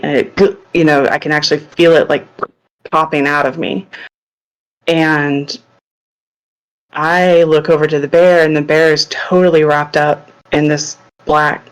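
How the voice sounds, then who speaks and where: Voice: mid-range voice, low-quality recording. Chatty adult retelling a dream. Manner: chatty, retells own thoughts with many likes. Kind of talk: casual storytelling.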